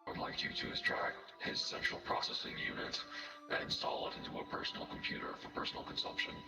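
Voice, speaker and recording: Formal monotone robot head, very high and distant. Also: male voice, fast talker. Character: stiff robotic Warforged head, male. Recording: echoey, distant, music behind.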